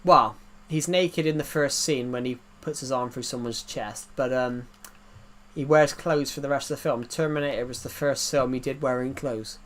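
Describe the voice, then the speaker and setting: A man's voice: mid-range voice, normal speed, a bit bright. A man chatting casually while streaming a game, telling rambling anecdotes and laughing at his own jokes.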